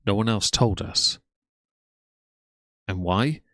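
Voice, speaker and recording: A man's voice: lowish voice, takes it slowly, sharp tone, no echo. A man giving a sarcastic, scornful reaction commentary in a blunt way. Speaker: commentary YouTuber.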